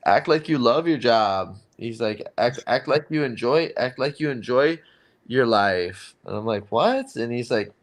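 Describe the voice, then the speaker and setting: Young male fighter, candid interview, profane, rambling, acts out the dialogue. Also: medium pitch. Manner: casual and profane, many repeats and filler words.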